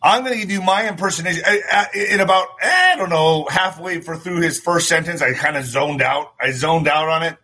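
Middle-aged man, livestream host, husky, bright and brassy tone, slightly high voice, profane, animated political rant. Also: fairly quick, hardly any pauses. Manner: talks to viewers directly, asks for thumbs up.

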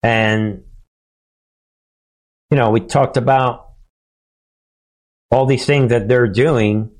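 A man's voice: mid-range voice, steady tone, extremely slow. A man hosting a political commentary monologue, talking in a chuckling, sarcastic, conversational way. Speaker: commentary show host.

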